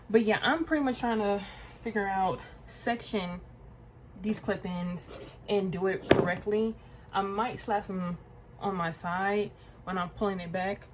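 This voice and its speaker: A woman's voice: medium pitch, a little hiss or hum, rough recording. A woman in her twenties chatting casually to viewers while doing her hair, talking to herself as she goes and calling them y'all and girl. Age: 20s. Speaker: beauty vlogger. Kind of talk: casual get-ready-with-me chat.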